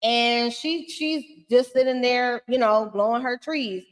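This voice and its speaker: A woman's voice: a little high, measured pace, long reverb tail. A woman giving a casual, blunt and profane recap of a reality show, talking with plenty of sass.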